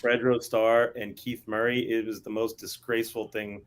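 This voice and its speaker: A man's voice: lowish voice, flat delivery, normal speed. A man co-hosting a casual podcast, rambling and repeating words as he gets going. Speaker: podcast co-host. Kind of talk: casual banter.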